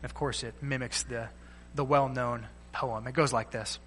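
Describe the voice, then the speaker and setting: Bright-voiced preacher in a reverberant hall. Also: male voice, medium pitch, fairly even intonation, moderate pace. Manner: emphatic preaching, swells loud then drops soft; repeats words while speaking. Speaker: pastor. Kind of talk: sermon. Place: church sanctuary.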